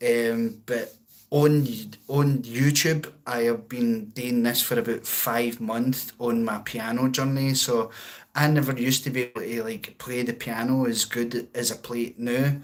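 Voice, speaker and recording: A man's voice: mid-range voice, fairly even intonation, unhurried. A Scottish man hosting a casual livestream, rambling and chuckling as he answers viewer comments. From Scotland. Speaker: livestream host.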